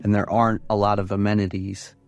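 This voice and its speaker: A man with a low voice narrates a horror story in the first person, steady and even, keeping a measured delivery line after line like a bedtime scary story. A faint music bed plays underneath, and the recording sounds muffled.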